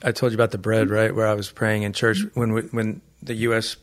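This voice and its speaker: A man's voice: lowish voice, flat delivery, fairly quick. A man co-hosting, telling a personal story in a plain, matter-of-fact way. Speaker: co-host. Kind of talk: casual storytelling.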